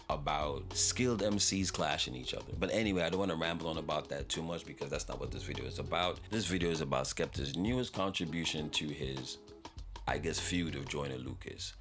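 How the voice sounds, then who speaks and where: Man, extremely low voice, laid-back rambling reaction talk, swears casually. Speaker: reaction video host.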